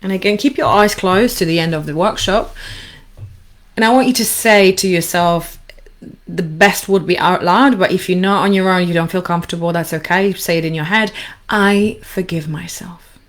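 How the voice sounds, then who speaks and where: A woman coaching listeners through a guided forgiveness exercise, speaking calmly with slow, repeated instructions. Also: on the low side. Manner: calm, slow, repetitive instructions. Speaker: anxiety coach.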